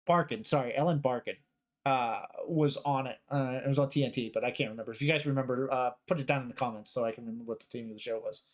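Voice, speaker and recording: A man hosting a podcast, giving casual, rambling commentary with halting pauses. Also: mid-range voice. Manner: rambling, halting, with many fillers. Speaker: podcast host.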